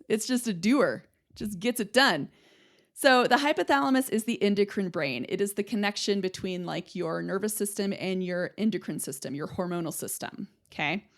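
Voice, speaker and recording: A young adult woman hosting an educational podcast, chatting casually and checking in with listeners as she explains. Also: mid-range voice. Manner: chatty, explains with analogies, checks in with "right?" and "okay?". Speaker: podcast host, speech-language pathologist.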